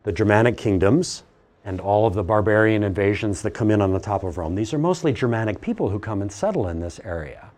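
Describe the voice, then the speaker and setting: A middle-aged man giving a classroom lecture, animated and teasing, asking the class questions as he goes. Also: on the low side, brisk.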